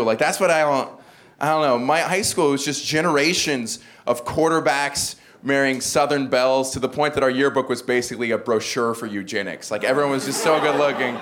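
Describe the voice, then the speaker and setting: A man's voice: fairly high pitch, noisy background. A man from the American South with no regional accent, doing a stand-up set in a dry, self-mocking delivery. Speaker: stand-up comedian. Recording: live show with audience laughter. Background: crowd laughter.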